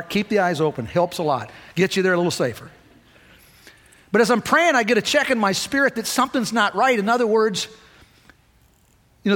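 A man preaching a sermon in a casual, conversational way, with asides and small jokes, turning high and intense as he retells emotional moments. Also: a bit bright. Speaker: lay preacher. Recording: hall reverb.

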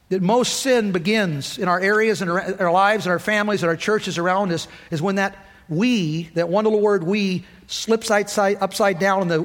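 A middle-aged man preaching a sermon with emphatic, rousing call-and-response delivery. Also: high voice. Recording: long hall reverb.

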